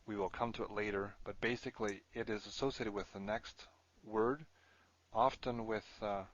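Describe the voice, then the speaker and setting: A man with a somewhat low voice walks through a recorded language lesson, explaining each point and pausing to correct himself. The sound is a little muffled and lo-fi, as from a desk mic. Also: fairly even intonation, no room sound. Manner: explanatory, self-correcting, thinking aloud with fillers. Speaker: Hebrew teacher.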